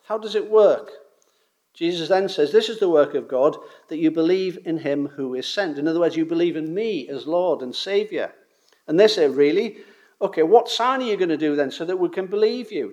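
High-voiced man preaching a sermon. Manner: animated, rhetorical questions, acts out the crowd's voices.

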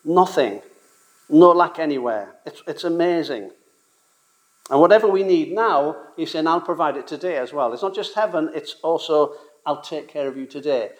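A man's voice: on the high side, lively intonation, normal speed. A man preaching a sermon, earnest and emphatic, stressing and repeating key words as he quotes scripture.

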